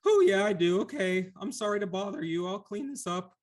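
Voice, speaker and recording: A man voicing a timid sludge-creature lemure that whimpers, stammers and keeps apologizing in a tearful, high voice. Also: animated, fairly quick. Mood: meek.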